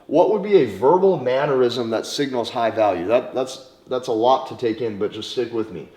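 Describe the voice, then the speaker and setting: A man giving dating advice in a direct, emphatic monologue, sometimes slowing down and stretching words for emphasis. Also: mid-range voice, mellow. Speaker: dating coach. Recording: roomy echo.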